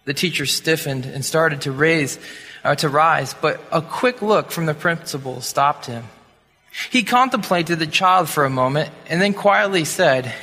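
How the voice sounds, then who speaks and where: A male preacher tells a sermon story dramatically, acting out sound effects along the way. His voice sits fairly high and sounds bright and forceful. It rings through a hall with long reverb. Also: unhurried.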